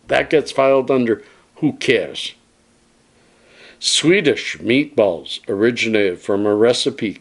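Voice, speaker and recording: Slow-talking man musing to camera. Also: mid-range voice. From Canada. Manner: folksy and musing, addresses viewers as friends. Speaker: vlogger. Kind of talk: casual opinion monologue to camera.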